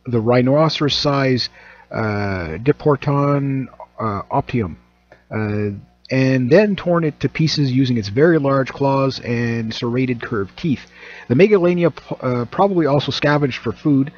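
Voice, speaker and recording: A man's voice: mid-range voice, a little mellow. A man from Canada, hosting his own channel in a casual, rambling, joking monologue full of fillers and restarts. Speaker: channel host. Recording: dull lo-fi recording.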